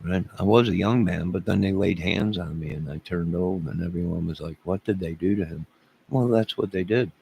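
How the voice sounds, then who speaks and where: A man's voice: low-pitched, normal speed, vocal fry, a little mellow, slight background noise. A man around fifty ranting to his livestream chat, rambling and exasperated, repeating himself.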